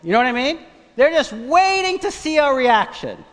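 A man preaching a sermon, telling a personal story in a conversational, animated way. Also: very high voice, moderate pace. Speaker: pastor. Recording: long church reverb.

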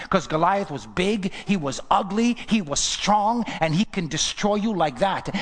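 Man, pastor, high voice, sermon, rhetorical questions, long church reverb. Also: fairly bright tone. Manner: preaching, with rhetorical questions to the congregation.

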